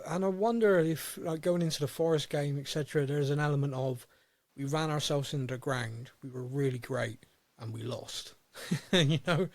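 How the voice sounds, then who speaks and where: A man hosting a podcast in casual chat, eager and quick to laugh at himself. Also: on the high side, a little mellow, dry recording. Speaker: podcast host.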